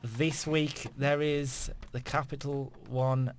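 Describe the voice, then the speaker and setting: A man's voice: mid-range voice, level tone, takes it slowly, a little hiss or hum. A man hosting a casual football podcast, joking and laughing as he steers the segments. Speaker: podcast host.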